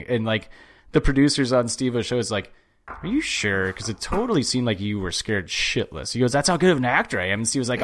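A man's voice: medium pitch, expressive, a little fast, fairly bright tone. A man hosting a casual podcast, telling stories animatedly and swearing. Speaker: podcast host. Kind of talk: casual chat.

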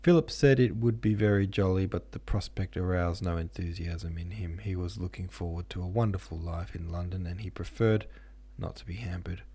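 A man reading a classic novel aloud as an audiobook narrator, measured and steady. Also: sits low, slightly rough. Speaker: podcast host and audiobook reader.

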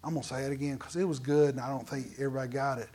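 A man pastor preaching a sermon in an animated, conversational way, full of asides to the congregation. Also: mid-range voice, racing. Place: church.

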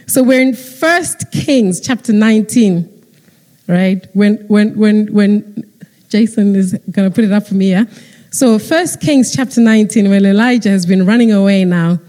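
A woman preaching a sermon, retelling a story in lively fashion and acting out the characters. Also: medium pitch. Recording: long hall reverb.

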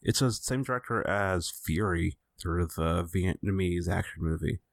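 A man hosting a podcast in casual chat, laid-back and halting, with plenty of fillers. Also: low-pitched, vocal fry, no room sound, studio quality. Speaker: podcast host.

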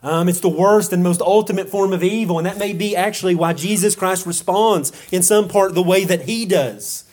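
A man's voice: high-pitched, moderate pace, a little mellow. Earnest preacher man with restarts. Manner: earnest, many restarts and repeated words; rhetorical questions to the congregation. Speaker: pastor. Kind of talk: sermon.

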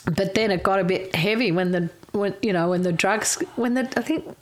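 A woman's voice: medium pitch, moderate pace. A middle-aged woman, a former chef telling rambling stories in a casual chat and laughing often.

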